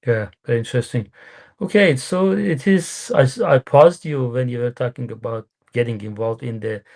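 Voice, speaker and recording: Halting male podcast host. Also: medium pitch, a little mellow. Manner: halting, searching for words. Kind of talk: interview questions.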